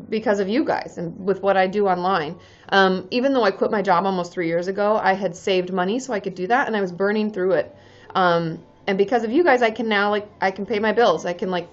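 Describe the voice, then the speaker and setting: A woman's voice: medium pitch, fairly quick, lo-fi sound, soft background music. A woman hosting a casual live stream as a therapist, reading viewer comments aloud and cheering them on in a bubbly, chatty way.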